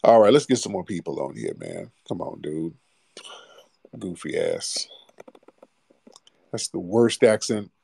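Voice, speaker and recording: A man's voice: deep voice, wildly swooping pitch, normal speed, gravelly, hardly any pauses, warm tone, husky, no echo, clean studio sound. A man hosting a late-night call-in show, talking bluntly in casual slang. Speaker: host. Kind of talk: live call-in radio show.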